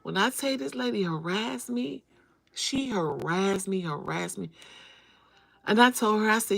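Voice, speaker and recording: A woman's voice: mid-range voice, expressive, measured pace, creaky, fairly bright tone. A woman hosting a casual livestream, talking straight to her viewers, greeting them by name and repeating phrases for emphasis. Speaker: livestream host. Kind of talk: casual live-stream chat.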